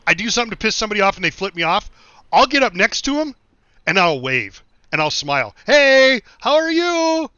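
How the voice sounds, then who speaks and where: While streaming a game, a middle-aged man from the United States keeps up a casual, easygoing chat, laughing often and rambling with restarts. His voice sits high and sounds pushed and bright, with no room sound and a dull, dry recording.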